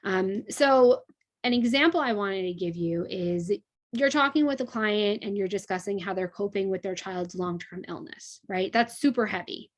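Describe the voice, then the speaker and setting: A woman's voice: medium pitch, moderate pace. A young adult woman teaching a class in a conversational way, with many fillers and frequent checks like "right?". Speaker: instructor.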